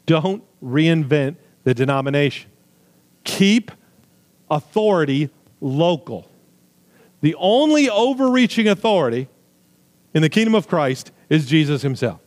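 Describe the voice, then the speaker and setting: A man preaching a sermon with emphatic, swinging delivery, loud high stresses falling to quiet low asides, with jokey remarks. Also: big pitch swings, measured pace, pauses often. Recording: long hall reverb.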